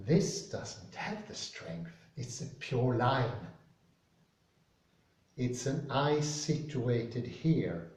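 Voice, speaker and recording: Slow, mellow man musing aloud. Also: medium pitch. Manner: slow, searching, hesitant. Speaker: reading group participant. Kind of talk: reflective discussion. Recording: roomy, distant mic.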